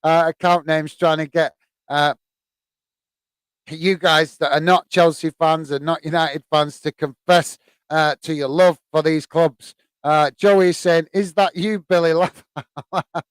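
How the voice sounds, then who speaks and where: A UK man hosts a live football watch-along, chatting casually with viewers, reading their comments aloud, laughing often, saying "uh" a lot, and calling people "mate". His voice is on the high side, steady, a little slow, clear and resonant, with no room sound.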